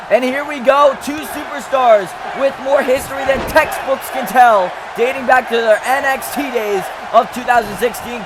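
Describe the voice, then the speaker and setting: A young man giving loud, excitable play-by-play commentary on a wrestling video game match, hyping the action and trash-talking the wrestlers. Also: high-pitched, background noise.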